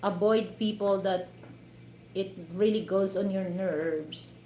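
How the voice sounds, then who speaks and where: Filipino-accented woman hosting a live stream, measured pace, lots of "you know" fillers, echoey room. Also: medium pitch, darkish tone, a little hiss or hum. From Philippines. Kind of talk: casual chat with live viewers. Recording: roomy echo, faint ambience.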